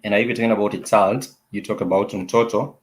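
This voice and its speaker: A man teaching a casual online language lesson, who explains patiently, repeats key words slowly and often restarts with hesitant fillers. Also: on the low side, fairly even intonation, noisy background.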